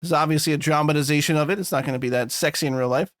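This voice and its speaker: A man's voice: on the high side, rapid-fire, a bit bright, no room sound, clean studio sound. A man co-hosting a podcast in a loose, laughing, casual chat, swearing freely. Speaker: podcast co-host.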